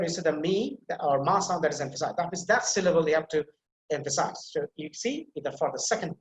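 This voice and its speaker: Man teaching pronunciation in an echoey room. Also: fairly high pitch. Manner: explains step by step, repeats key points, many fillers. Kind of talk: online pronunciation lecture.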